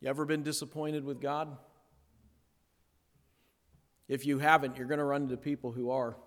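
A man preaching a sermon, pausing for effect and dropping to a near hush on key words, then building again. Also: medium pitch, flat delivery. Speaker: pastor. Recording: long hall reverb.

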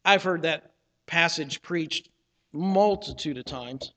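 A man preaches with a fairly high voice, earnest and conversational, slipping into voiced quotes as he tells the story. His words ring out with a long reverberation through a church sanctuary. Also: takes it slowly, pushed and bright. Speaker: pastor. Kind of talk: sermon.

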